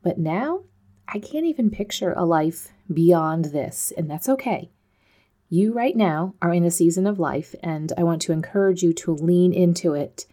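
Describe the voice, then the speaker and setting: A woman's voice: on the low side, animated, normal speed, dark tone. A woman in her forties hosting a podcast, talking candidly in a chatty, self-deprecating way with frequent laughs. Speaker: podcast host. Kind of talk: candid personal monologue.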